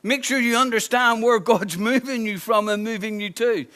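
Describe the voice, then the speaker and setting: A man's voice: extremely high pitch, moderate pace, pushed and bright. A man preaching a sermon as pastor, emphatic and conversational, repeating key phrases, with touches of humor.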